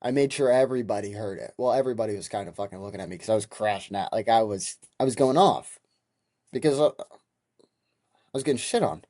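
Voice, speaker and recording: A man's voice: lowish voice, fairly quick, no echo, clean studio sound. A young man in his twenties, hosting a podcast and telling a heated, profane story in a casual monologue. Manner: heated, profane, animated retelling. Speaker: podcast host.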